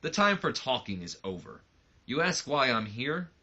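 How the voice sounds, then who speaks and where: A man's voice: mid-range voice, sing-song, moderate pace, sharp tone, full character voice. A man voicing a smug young male wrestling company owner who sneers and taunts, on a slightly muffled mic. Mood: cold.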